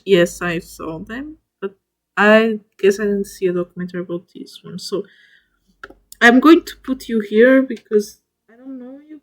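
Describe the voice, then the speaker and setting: Slow, gushing woman streamer. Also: fairly high pitch. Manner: enthusiastic, gushing over animals, talks to the spiders directly; halting, restarts mid-word. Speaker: streamer ranking spiders in a tier list. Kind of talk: casual chat to viewers.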